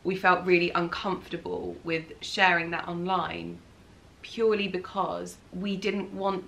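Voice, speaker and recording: Woman chatting with her husband at home, bright clear tone, laughy storyteller. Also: lowish voice, little pitch movement, a little slow, slight background noise. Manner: storytelling, laughing as she talks. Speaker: co-host, wife. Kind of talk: casual couple Q&A chat.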